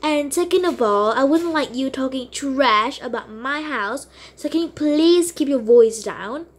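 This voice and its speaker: An offended mother who stands up for her home and tells a rude visitor to mind her own business, as a woman voices her. She sounds high and firm, speaking at an unhurried pace. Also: animated. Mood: indignant. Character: indignant host mother defending her home.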